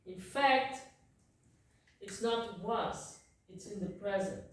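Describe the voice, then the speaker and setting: A woman's voice: mid-range voice, slow pace. A woman whose first language is Portuguese gives a casual language lesson. She repeats words, corrects herself, apologizes and keeps checking in with "ok?". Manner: self-correcting, apologetic asides. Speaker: language teacher. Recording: very echoey room, distant mic.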